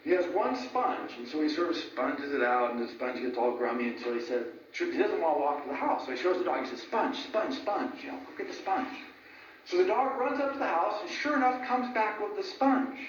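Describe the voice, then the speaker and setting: A man giving an informal lecture, animated, laughing at his own jokes and often asking "right?". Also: on the high side, fairly quick, hardly any pauses, slight background noise. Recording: echoey room from a distant mic, dull sound.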